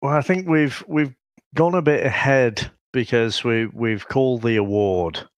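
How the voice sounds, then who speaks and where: A man's voice: medium pitch, a little slow, no echo. A British man co-hosting a podcast, amused and laughing as he recounts scenes. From Britain. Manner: amused, storytelling, laughs often. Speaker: podcast co-host. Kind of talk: casual chat.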